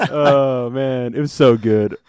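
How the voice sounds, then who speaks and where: A man co-hosting a casual podcast, talking in a rambling way with lots of fillers and animated retellings. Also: mid-range voice. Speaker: podcast co-host. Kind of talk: casual chat.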